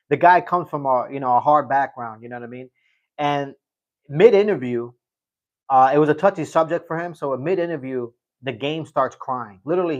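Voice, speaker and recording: A man's voice: medium pitch, dull audio. A middle-aged man hosting a casual livestream, reading chat and telling a rambling story, often repeating himself.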